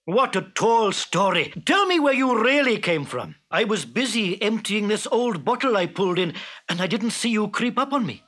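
A man voicing a cheeky young fisherman who stays calm and teases. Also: high-pitched, normal speed, pitched above the performer's own voice. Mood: teasing. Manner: calm, teasing, scoffing. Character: cheeky, unflappable little fisherman.

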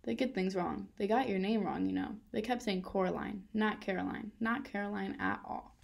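A woman's voice: mid-range voice, moderate pace, creaky. A woman voicing an eccentric old man who talks about mice in a mysterious, rambling way. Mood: cryptic.

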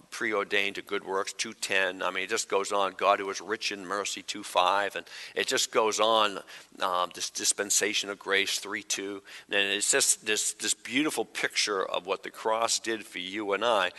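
A man's voice: fairly low pitch, bright, forceful tone. Man preaching in an echoing church. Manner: conversational preaching with asides and quick humor. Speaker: pastor. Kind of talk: sermon. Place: church sanctuary. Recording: long hall reverb.

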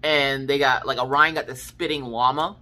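A rumbling low voice at normal speed belongs to a woman in her thirties who runs a craft channel. She tells family tales in a casual, slang-heavy, animated way, playing the parts of her family members.

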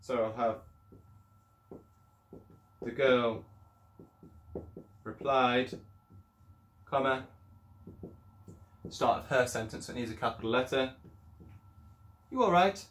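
A man's voice: mid-range voice, flat delivery, slow, pauses often, a bit bright. A male primary school teacher giving an upbeat, encouraging video lesson, sometimes acting out voices as he explains. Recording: echoey room.

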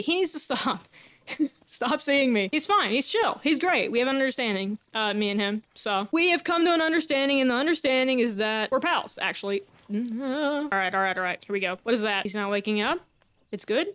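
A woman giving casual, jokey commentary on her own gameplay, excitable and swearing, talking to herself as she plays. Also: high voice, moderate pace, faint music behind. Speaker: gaming YouTuber.

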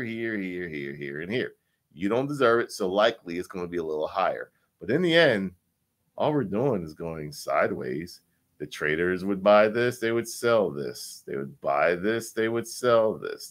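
A man casually breaking down crypto price charts, animated and repetitive, swearing now and then. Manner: animated, repetitive, swears, sweeps between loud and low.

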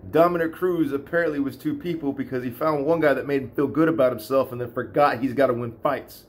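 A man ranting in a casual vlog, animated and profane, often repeating himself. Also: medium pitch, quick pace. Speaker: vlogger. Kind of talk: casual rant.

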